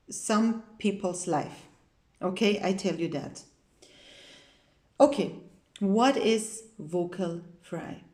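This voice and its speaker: Slow, emphatic woman vocal teacher, roomy echo. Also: warm tone. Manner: emphatic, repeats key points, demonstrates with low creaky sounds. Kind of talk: spoken singing lesson to camera.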